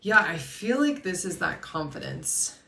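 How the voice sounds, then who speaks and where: Low gravelly lady doing a card reading, kinda far from the mic, roomy echo. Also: big pitch swings, measured pace, a little hiss or hum. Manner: soft, flowing spiritual talk with many fillers and restarts. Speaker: host and intuitive card reader. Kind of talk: spoken collective tarot card reading.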